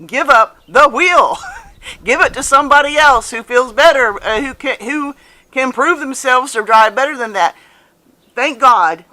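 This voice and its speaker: A woman's voice: on the high side, sharp tone. A woman in her fifties telling a personal story to camera in a casual, earnest way, repeating phrases for emphasis. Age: 50s. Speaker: vlogger.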